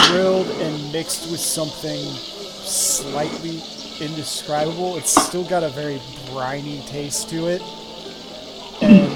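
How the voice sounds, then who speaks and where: A game master narrating a tabletop game in a relaxed, halting way with many fillers. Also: medium pitch, low-quality recording.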